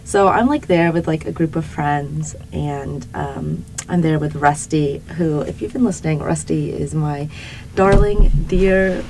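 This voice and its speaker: A young woman co-hosting a podcast, telling a lively story in casual chat with lots of fillers and laughter. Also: deep voice, unhurried, few pauses, a little hiss or hum, poor audio. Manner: animated, laughing, many fillers. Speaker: podcast co-host.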